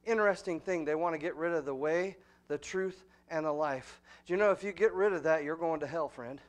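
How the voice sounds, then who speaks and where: A man preaching a sermon as pastor, often asking the congregation questions and saying "amen," dropping to quiet asides and then rising to loud, emphatic points. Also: on the high side, brisk.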